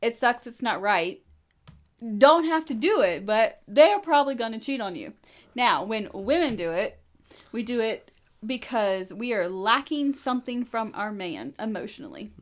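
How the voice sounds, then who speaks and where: A woman's voice: a little high, sing-song, normal speed. A woman speaking bluntly and frankly as a guest on a casual podcast, often laughing.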